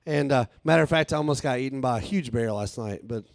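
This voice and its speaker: Rambling crude stand-up comic, dry sound. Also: male voice, mid-range voice, fast talker, dry recording. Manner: rambling, crude, laughs at own jokes. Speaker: stand-up comedian and author. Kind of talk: live stand-up routine. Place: live venue stage.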